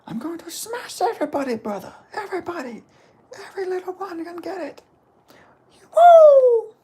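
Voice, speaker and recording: A man doing an impression of a hyped-up male fighter screaming threats in a high, shrieking voice. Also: very animated, fairly quick.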